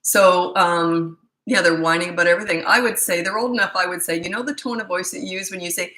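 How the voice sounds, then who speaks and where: A woman's voice: lowish voice, fast talker, pushed and bright, echoey room, low-quality recording. A middle-aged woman, a parenting coach answering viewer questions live, blunt and incredulous, often laughing and mocking the questions.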